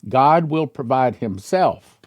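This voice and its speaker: A man preaching, retelling a scripture story with emphatic, repeated phrases. His voice sits mid-pitch and sounds close and dry, with little room around it. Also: expressive, takes it slowly, no echo. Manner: vivid retelling with emphatic repetition. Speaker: pastor. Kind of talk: storytelling sermon.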